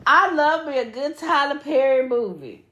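A young woman co-hosts a casual podcast. She talks with loud profanity and frequent laughs, her pitch swinging widely and sitting fairly high. The recording has a noticeably roomy echo. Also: normal speed, lo-fi sound. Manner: animated, profane, laughs often. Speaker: podcast co-host. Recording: echoey room.

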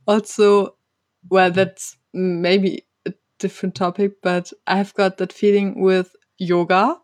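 Slow, halting woman in casual chat. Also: mid-range voice, level tone, darkish tone, dry recording. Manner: halting, many fillers and restarts, laughs often. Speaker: podcast co-host.

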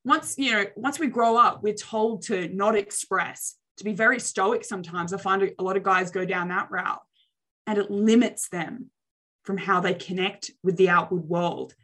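A young adult woman coaching on social skills in a lively motivational talk, acting out reactions with exaggerated expressions. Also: medium pitch, normal speed.

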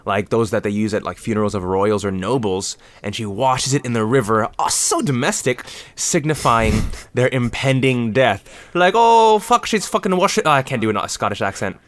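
A man's voice: lowish voice, moderate pace, fairly bright tone, no echo. A man co-hosting a podcast in casual chat, laughing often and swearing freely as he jokes through his asides. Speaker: podcast co-host.

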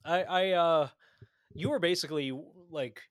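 A man's voice: fairly high pitch, a little slow, clear, resonant tone, no echo, studio quality. A man hosting a podcast, talking in an easygoing, wry way. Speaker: podcast host. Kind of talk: casual chat.

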